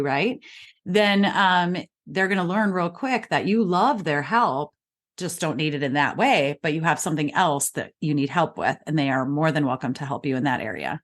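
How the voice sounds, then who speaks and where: Woman, middle-aged, guest coach; lower voice, calm and patient delivery. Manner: calm, explains step by step, acts out parent lines. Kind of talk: advice in interview.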